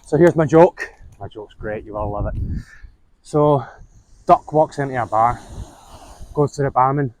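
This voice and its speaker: Through poor audio from a clip-on mic, with wind gusting outdoors, a Donegal man speaks at normal speed in a medium-pitched, slightly mellow voice. He's vlogging casually from a beach, meandering along with slang and curses.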